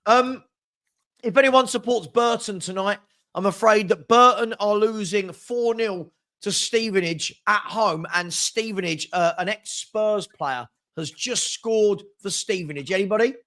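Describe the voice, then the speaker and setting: A man's voice: sits high, a little slow, sharp tone. A man hosting a live football scores show, chatting casually and teasing his panel with quiz questions.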